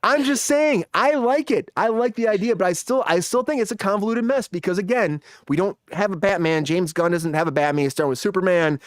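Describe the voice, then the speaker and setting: A man's voice: sits high, quick pace, hardly any pauses, no room sound. A man hosting a live entertainment news show, speculating with enthusiasm in casual chat.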